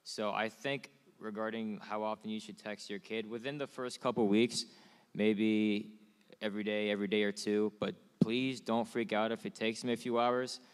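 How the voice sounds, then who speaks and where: A man's voice: lowish voice, little pitch movement, moderate pace, clean tone. A young man student on a panel, easygoing and joking, with lots of "like.". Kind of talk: casual panel talk. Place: performing arts hall. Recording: long hall reverb.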